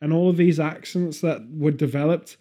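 A man's voice: on the high side, fairly even intonation, moderate pace, warm tone. A man from Birmingham with a Birmingham accent, chatting casually and rambling, laughing often. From Birmingham, England. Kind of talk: casual chat.

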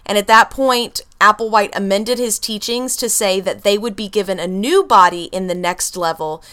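A woman with a smooth, clean voice at an everyday middle pitch hosts a casual podcast. She reads through researched notes on a strange piece of history, now and then breaking into a laugh. She is recorded on a home computer mic. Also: sharp tone. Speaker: podcast host telling a true story.

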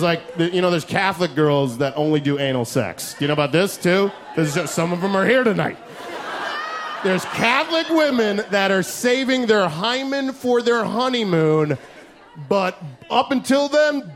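A man doing a stand-up set in a comedy club, loud and profane, riffing fast and shouting his punchlines. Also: high voice. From United States. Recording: live club recording with crowd noise. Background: audience laughter and club noise.

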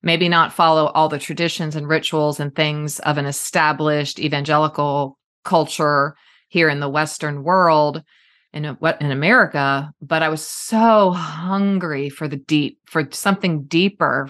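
A woman with a notably low voice hosts a casual conversation. She talks in an animated, emphatic way, tossing in quick asides as she goes. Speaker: podcast host.

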